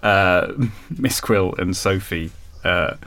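A man's voice: low voice, fairly even intonation, slow pace, bright, forceful tone. A man chatting casually over a video call, hesitant, with many fillers and restarts. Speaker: guest producer.

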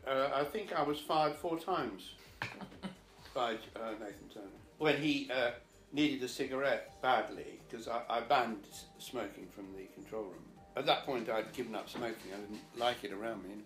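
A man's voice: mid-range voice, normal speed, a bit bright, soft background music. Older man recalling with amusement. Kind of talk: anecdotal interview. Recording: echoey room.

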